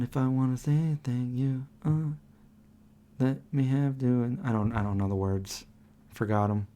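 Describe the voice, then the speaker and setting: A man chatting on a late-night live stream from home, his voice at an ordinary middle pitch. He rambles along, trails off while hunting for names, and now and then hums a little tune to himself. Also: steady tone, unhurried, mellow. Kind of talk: casual chat. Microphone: desk microphone.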